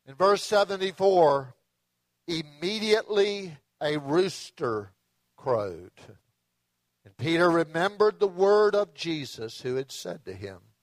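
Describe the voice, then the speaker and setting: A man preaching a sermon in a conversational storytelling way, dropping to soft low tones for the dramatic moments. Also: very animated, unhurried, no echo. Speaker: pastor.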